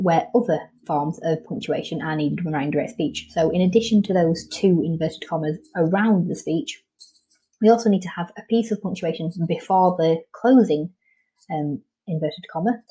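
Woman teacher, welsh english accent, patient step-by-step lesson, husky, low-ish voice. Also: moderate pace, warm tone, rough recording. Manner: patient, explains step by step with many ums. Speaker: primary school teacher. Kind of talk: recorded online lesson.

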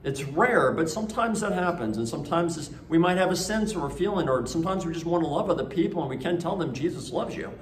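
A man's voice: fairly high pitch, animated, fast talker, few pauses, slight background noise. A man preaching a conversational homily at a school Mass, telling stories with frequent restarts. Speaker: priest. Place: church. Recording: echoey church.

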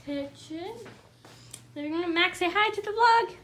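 A young woman vlogging casually from a hotel room and patio, chatty and easily excited. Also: very high voice, a little slow. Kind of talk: casual vlog chat to camera. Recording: noisy handheld camera audio.

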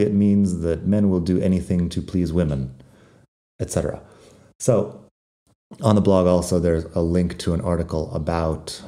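A man with a low, very dark and mellow voice gives a casual podcast lesson on Spanish slang. He talks in a relaxed, wry way, and his Spanish words carry a non-native accent. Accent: non-native Spanish accent when speaking Spanish. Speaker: Spanish teacher.

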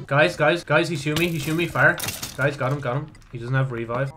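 A young man commentating his own video game play, swearing often and jumping from low muttering to sudden yelps. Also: brisk, soft background music. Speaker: gaming channel host. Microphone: desk mic with audible mouse clicks.

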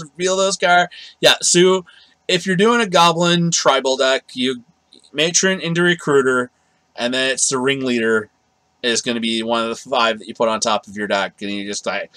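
A man's voice: medium pitch, sharp tone, dry recording, low-quality recording. Man, casual card game review, rambling, self-correcting, dry close sound.

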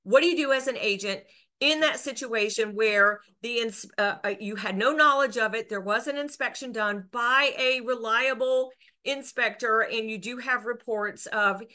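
A woman's voice: fairly high pitch, normal speed, sharp tone. A woman real estate broker, explaining rules to agents in an earnest way, with restarts and filler words. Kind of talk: educational explainer to camera.

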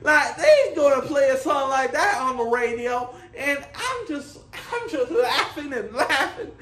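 A man's voice: extremely high pitch, animated, a little slow, bright, forceful tone, full character voice. A man playing a dreamy, childlike 1950s singer-songwriter who rambles and giggles through a mock documentary interview. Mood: giggly. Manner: rambling, giddy, prone to giggling. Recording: roomy echo.

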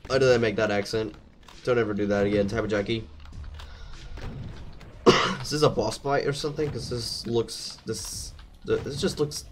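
A man's voice: fairly low pitch, steady tone, normal speed, long pauses, fairly bright tone, slight background noise. Jumpy swearing man narrating gameplay. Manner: jumpy, swears at enemies, thinks aloud. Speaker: gameplay commentator. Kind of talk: let's play commentary.

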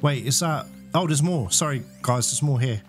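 A man giving excited gameplay commentary to viewers, exclaiming and out of breath. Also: mid-range voice, moderate pace. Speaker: let's play gamer. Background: game music.

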